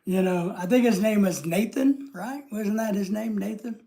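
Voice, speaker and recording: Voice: medium pitch, normal speed, gravelly. Chatty live-stream host, rambling and off the cuff. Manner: rambling, chatty, trailing off quietly. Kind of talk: casual live-stream chat.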